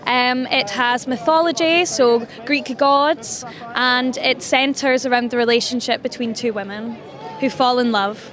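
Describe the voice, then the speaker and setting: Woman hyping her musical out on the street, high voice, upbeat. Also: a little slow, fairly bright tone. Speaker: cast member promoting a musical. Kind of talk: casual interview. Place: outdoors on a busy street.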